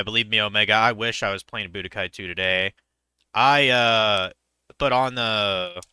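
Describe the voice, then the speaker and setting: A man's voice: fairly low pitch, bright, forceful tone, smooth, no room sound, clean studio sound. A young man streaming a game, chatting casually in a rambling, hesitant way with many fillers. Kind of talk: casual chat while gaming.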